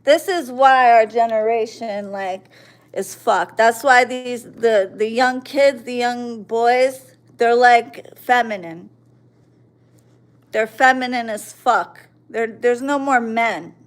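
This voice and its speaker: Forties woman, stream host, profane confrontational rant, unhurried and a bit high. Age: 40s. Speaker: livestream host. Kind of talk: angry ranting at commenters.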